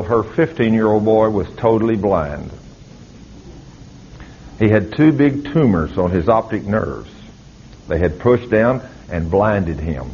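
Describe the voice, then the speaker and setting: A man's voice: darkish tone, slight background noise. Older preacher guy, fired up, voice keeps climbing, kinda dull lo-fi recording. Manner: fervent, pitch climbing as he exhorts. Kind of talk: sermon.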